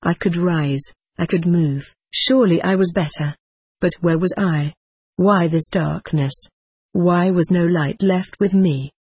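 A woman reading a first-person story aloud as an audiobook narrator, in a measured and solemn dramatic manner. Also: fairly low pitch, a little mellow, husky, no room sound.

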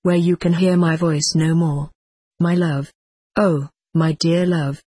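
A woman reading a gentle, grieving young woman. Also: sits low, little pitch movement, takes it slowly, breathy edge, no echo, heavily acted. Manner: soft, gentle murmur. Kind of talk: audiobook character voice.

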